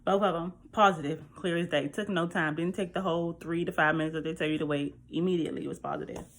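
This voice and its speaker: A woman vlogger telling a personal story to camera in a chatty, animated way, speaking straight to her viewers. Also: fairly low pitch, fast talker.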